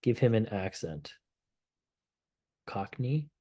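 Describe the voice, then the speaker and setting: A man hosting a casual software demo livestream, relaxed and thinking aloud as he clicks through the tool. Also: lowish voice, a little slow. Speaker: host of a product livestream.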